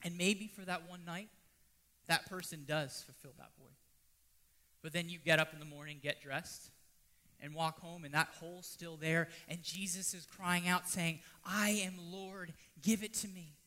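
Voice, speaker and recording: A man preaching a sermon, swinging from loud pleading to hushed, almost whispered lines. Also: fairly high pitch, fairly even intonation, moderate pace. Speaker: pastor.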